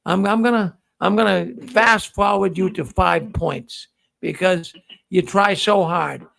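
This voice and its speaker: A man's voice: high voice, unhurried, creaky, fairly bright tone. A man hosting a casual live-stream quiz, jokey and playful, often repeating himself. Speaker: show host running a quiz.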